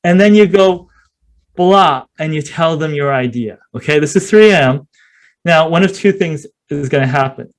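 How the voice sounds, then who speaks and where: As a podcast guest in a casual interview, a man with a slightly high voice speaks at a moderate pace. He's an animated storyteller who acts out scenes and leans heavily on fillers such as "you know."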